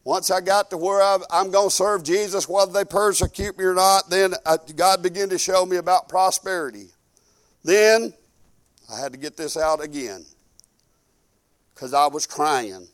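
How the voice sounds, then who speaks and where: A high-voiced man preaching from the pulpit. He talks in a folksy, homespun way. He moves from loud, pressing exhortation to low, quiet asides. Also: normal speed. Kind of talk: sermon.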